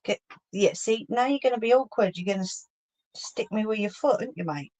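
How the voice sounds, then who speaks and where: A woman's voice: mid-range voice, fairly quick, mellow. A woman hosting a live sewing stream, chatting casually, teasing her viewers and reading out their comments. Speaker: craft livestream host.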